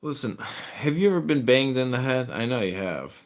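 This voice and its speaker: A man's voice: mid-range voice, lively intonation, normal speed. A man hosting a podcast, trading crude, mocking and profane banter with a caller. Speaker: podcast host.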